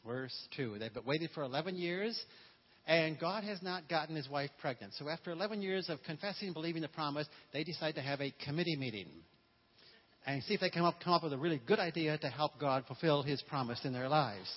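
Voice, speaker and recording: Male pastor, fairly high husky voice, playful call-and-response sermon, dull lo-fi recording. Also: fairly quick. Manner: humorous, call-and-response with congregation.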